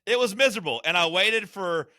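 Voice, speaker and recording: A man's voice: sits high, expressive, fairly quick, sharp tone, no room sound. A man co-hosting a podcast in casual chat, blunt, profane and joking. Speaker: podcast co-host.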